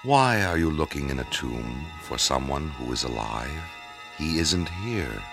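A man's voice: a bass voice, very animated, a little slow, music in the background, exaggerated voice. A man playing a solemn angel in a radio drama, speaking with command. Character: solemn angel at the tomb, male.

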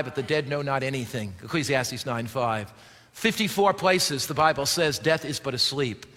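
A man preaching a sermon as pastor, swinging from forceful exclamations to quiet asides. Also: fairly high pitch. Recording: long hall reverb.

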